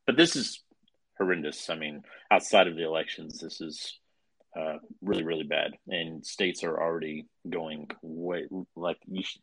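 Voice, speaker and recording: A man co-hosting a casual podcast chat who explains in a measured way, with many filler sounds. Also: low-pitched, a bit bright, no room sound.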